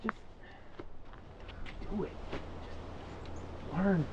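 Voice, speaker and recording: A young man playing an estranged brother, talking in a raw, halting way with swearing and restarts. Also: highs cut off, background noise. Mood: pleading. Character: estranged brother, bitter yet pleading for forgiveness. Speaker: actor. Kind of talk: indie short film acting.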